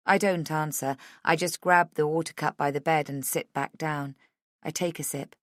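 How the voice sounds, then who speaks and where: A woman narrating a first-person thriller audiobook in a measured, intimate reading. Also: low-pitched, no room sound, clean studio sound.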